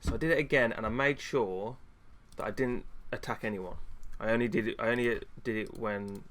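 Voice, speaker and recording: A man's voice: lowish voice, fairly quick, a bit bright. A man streaming, chatting casually in a frustrated rant with lots of fillers and restarts. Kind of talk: casual chat.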